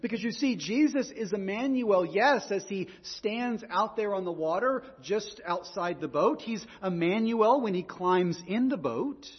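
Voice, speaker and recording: A man's voice: sits high, animated, measured pace, few pauses, breathy edge, in a large hall, lo-fi sound. A man preaching a sermon in an earnest way, often repeating words as he goes. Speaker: pastor.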